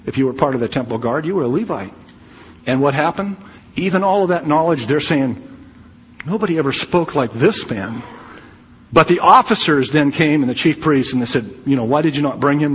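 A man's voice: medium pitch, slight background noise. A man preaching a verse-by-verse sermon, teaching in a conversational way with asides and fillers. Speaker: pastor. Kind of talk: expository sermon. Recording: long reverb, faint ambience.

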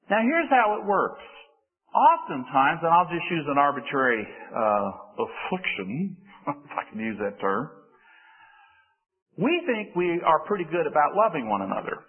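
A man's voice: big pitch swings, a little slow. A man preaching a sermon in an earnest way, lifting his voice for emphasis. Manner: earnest, rises in pitch for emphasis. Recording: phone-like sound with long hall reverb.

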